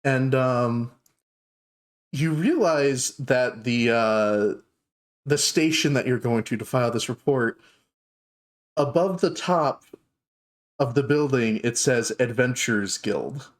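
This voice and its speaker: A man narrating a live tabletop fantasy game as game master, at a middle pitch. He pauses often with fillers as he describes scenes. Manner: halting narration with many fillers.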